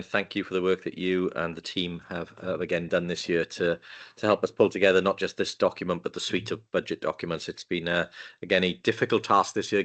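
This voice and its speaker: Deep, flat-voiced male council leader. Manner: halting, with frequent pauses. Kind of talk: formal meeting speech. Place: council meeting room.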